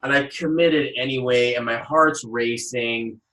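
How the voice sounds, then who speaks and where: Animated man telling a story, roomy sound. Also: medium pitch, unhurried. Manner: animated storyteller who acts out quotes. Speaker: podcast host. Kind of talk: casual chat. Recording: roomy echo, voice a little far off mic.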